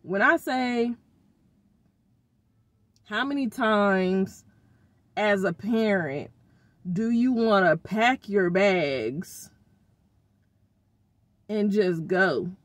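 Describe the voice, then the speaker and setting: Middle-aged woman vlogger, venting and slangy, slow delivery, dry close sound. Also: medium pitch, no room sound. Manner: exasperated, venting about her kids; expressive, uses informal slang. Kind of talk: casual vlog rant.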